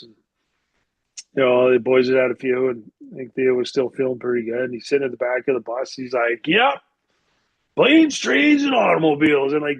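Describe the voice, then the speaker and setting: A man's voice: mid-range voice, dry recording, poor audio. A man from Canada, a podcast guest and former hockey player, telling casual anecdotes in a rambling way full of "like" fillers. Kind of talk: casual storytelling.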